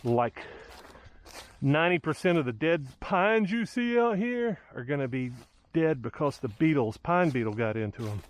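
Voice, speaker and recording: On the high side and expressive, his voice moves at normal speed as he records a casual walking vlog outdoors in the woods by a lake. He thinks out loud, filling gaps with lots of fillers.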